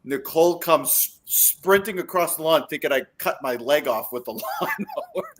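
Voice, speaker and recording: A man co-hosting a casual fantasy football podcast, telling animated stories and acting out scenes. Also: on the high side, moderate pace. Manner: animated storyteller, acts out scenes. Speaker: podcast co-host.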